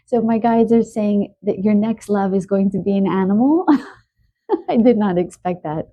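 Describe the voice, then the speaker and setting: Husky, dark-voiced stuffy woman reading cards. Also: medium pitch, unhurried. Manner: soft, earnest, emotional about animals. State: stuffy from allergies, clearing throat. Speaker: tarot card reader. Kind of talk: spoken pick-a-card reading to camera.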